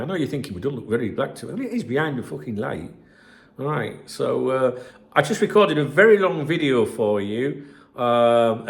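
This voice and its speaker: A man talks straight to camera from the desk in his home office. His delivery is loose and chatty, full of asides, with casual swearing. His voice sits at an ordinary middle pitch. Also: vocal fry. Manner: chatty, rambling, swears freely. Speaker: channel host. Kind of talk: casual vlog chat to camera.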